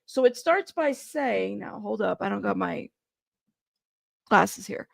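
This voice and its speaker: Chatty woman livestreamer with a gravelly voice. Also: mid-range voice, lively intonation, slow, no room sound, studio quality. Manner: chatty, laughs at herself, talks to the chat. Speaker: news livestream host. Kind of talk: casual livestream chat with viewers.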